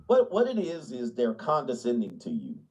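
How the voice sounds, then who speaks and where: A man's voice: medium pitch, wildly swooping pitch, normal speed, rough recording. A man ranting in a blunt, mocking way in casual chat, laughing often and sliding into put-on voices. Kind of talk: casual comedic rant. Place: small town, gated suburban home.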